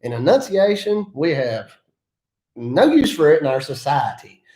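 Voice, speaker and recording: A man's voice: a little high, very animated, a little slow, a little mellow. A man from the mountains of North Carolina with an Appalachian accent, giving folksy, self-deprecating business advice in a casual vlog. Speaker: land clearing contractor. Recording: echoey room.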